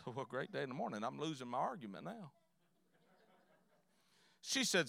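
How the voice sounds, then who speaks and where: A middle-aged man, preaching a folksy, humorous sermon story that swings between hushed asides and loud outbursts. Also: mid-range voice, big pitch swings, moderate pace, creaky, long pauses, no room sound. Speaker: pastor. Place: church sanctuary.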